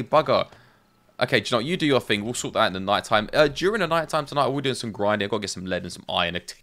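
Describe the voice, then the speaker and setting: A man's voice: lowish voice, a bit bright. A man giving casual, chatty gameplay commentary, thinking aloud as he builds and talks to his viewers. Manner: chatty, thinking aloud, self-talk with playful asides. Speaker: game streamer.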